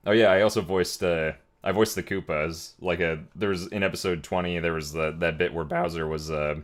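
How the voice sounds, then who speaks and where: Deep-voiced man chatting on a stream. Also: steady tone, brisk. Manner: rambling, filler-heavy and laughing often. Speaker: streamer and voice actor. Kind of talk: casual live-stream chat.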